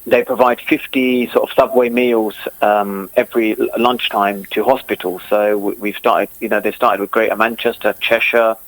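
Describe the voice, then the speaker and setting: A man from England, a former cricketer, talking in a casual interview with a halting delivery full of restarts and fillers. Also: lowish voice, level tone, no echo, low-quality recording. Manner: halting, repeats words, many fillers.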